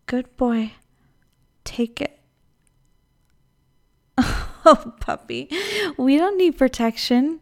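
A woman's voice: sits high, animated, drawn-out words, vocal fry, pauses often, darkish tone, exaggerated voice. A woman voicing a possessive motherly captor. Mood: sultry. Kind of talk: audio role-play.

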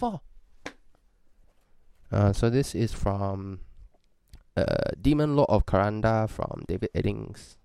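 A man's voice: lowish voice, slow pace, vocal fry, pauses often, warm tone, clear, resonant tone, no room sound. A man speaking in a put-on Singaporean English accent, chatting casually through a list of prompts in a playful, profane way with joking asides. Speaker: vlogger doing an accent tag. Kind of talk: casual chat reading prompts.

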